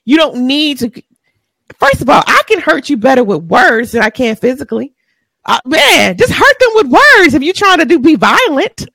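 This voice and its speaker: Podcast co-host: a high-pitched woman with a drawl, lively and blunt, sometimes profane, recorded dry. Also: normal speed, vocal fry, no echo. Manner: blunt, animated, profane ranting. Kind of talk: casual chat.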